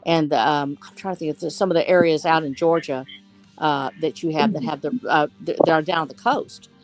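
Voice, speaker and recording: Woman from Texas, fairly low voice, casual chatty panel talk, enthusiastic, faint music behind. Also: fairly even intonation, moderate pace. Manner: chatty, enthusiastic, thinking aloud. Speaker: panelist in a writers' discussion. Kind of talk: casual chat.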